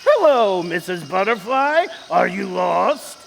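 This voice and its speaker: A man in his forties voicing a young male frog student in a live staged reading, squeaky and dramatic. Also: sing-song, slow, creaky, a little hiss or hum, exaggerated voice. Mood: sweet. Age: 40s. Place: theater stage. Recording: long theater reverb.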